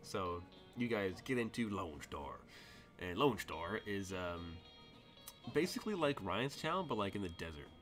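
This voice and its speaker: A man's voice: low-pitched, big pitch swings, a little slow, a bit bright, faint music behind. A man narrating as game master, rambling and laughing often, thinking aloud as he goes.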